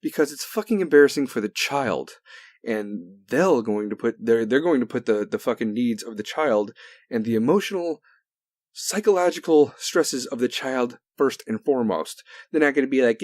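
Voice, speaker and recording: A man hosting a solo talk show in a heated, profane rant that swings between loud outbursts and low mutters. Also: expressive, moderate pace, no echo, clean studio sound. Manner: heavy cursing, heated. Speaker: podcast host.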